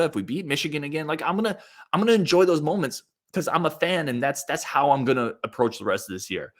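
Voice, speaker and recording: A man whose voice is mid-range and a bit bright hosts his own sports podcast. He reads out what listeners wrote, voices strong views in a casual style, and restarts sentences frequently, with many fillers.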